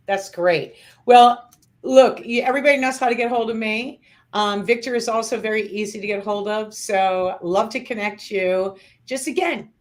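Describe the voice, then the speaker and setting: A woman hosting a casual interview, asking quick-fire questions and laughing often. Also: medium pitch. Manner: laughs often, upbeat and chatty. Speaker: host.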